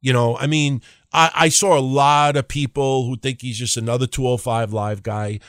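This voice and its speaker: A man hosting a solo wrestling podcast, ranting in an animated, profane way at a desk microphone and mocking people in put-on voices. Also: medium pitch, moderate pace, no room sound, studio quality. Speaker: podcast host.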